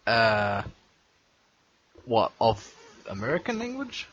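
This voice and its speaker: A man's voice: lowish voice, huge pitch swings, takes it slowly, fairly bright tone, slightly rough. A man with a New Zealand accent, co-hosting a podcast in casual chat full of crude banter. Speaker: podcast co-host. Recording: dull lo-fi recording.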